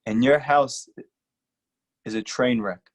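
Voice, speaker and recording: A rabbi giving an earnest, emphatic lecture and repeating short lines for stress. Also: male voice, mid-range voice, slow pace. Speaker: rabbi teaching a class. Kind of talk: earnest sermon-style lecture.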